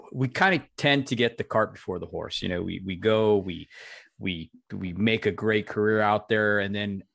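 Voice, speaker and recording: A man's voice: fairly low pitch, moderate pace, gravelly, fairly bright tone, no echo, studio quality. A man hosting a podcast, talking earnestly to his listeners and urging them on, with a few stumbling restarts. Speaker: podcast host. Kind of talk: reflective podcast talk to listeners.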